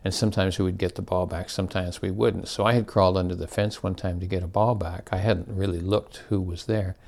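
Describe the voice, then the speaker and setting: Older man, deep and gravelly, telling childhood stories in a loose, wandering way. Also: fairly even intonation, brisk, a little mellow. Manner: rambling, self-correcting, chuckling. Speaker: storyteller. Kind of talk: casual reminiscence.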